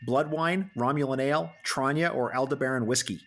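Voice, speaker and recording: A man's voice: medium pitch, brisk, a bit bright. A man hosting a podcast interview, playfully announcing a mock game-show quiz in a theatrical way. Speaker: podcast host.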